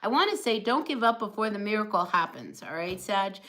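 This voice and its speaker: A woman's voice: mid-range voice, expressive, fairly quick, sharp tone, poor audio. A woman giving a casual, chatty live tarot reading, encouraging her viewers with lots of fillers like "you know" and "all right". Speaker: tarot reader.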